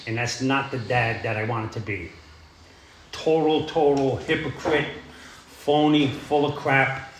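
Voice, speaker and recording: A man's voice: medium pitch, fairly even intonation, measured pace, slight background noise. A middle-aged man telling his recovery story in a plain, rambling way, full of "you know" and "uh". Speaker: AA speaker sharing his story. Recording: echoey room.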